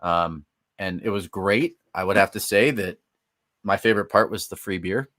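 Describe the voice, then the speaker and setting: A man with a fairly low voice co-hosts a casual sports podcast. He reads out event listings and keeps breaking into amused asides. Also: normal speed, fairly bright tone, no room sound, studio quality. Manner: jokey, laughs while reading event details. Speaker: podcast co-host.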